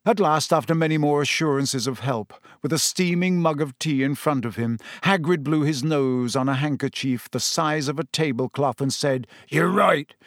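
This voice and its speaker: A man narrating a story in a measured, even reading style. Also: mid-range voice, no echo, studio quality. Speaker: audiobook narrator.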